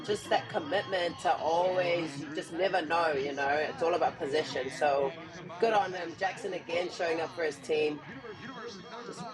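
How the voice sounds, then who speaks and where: A woman's voice: deep voice, normal speed, over music, low-quality recording. A woman giving casual, enthusiastic color commentary on a live rugby match.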